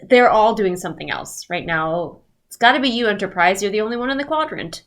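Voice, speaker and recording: A woman's voice: medium pitch, expressive, brisk. Congested woman snarking thru a book recap, doing little voices for the characters. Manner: sarcastic, mocking, acts out quotes in voices. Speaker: book reviewer. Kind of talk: sarcastic book recap commentary.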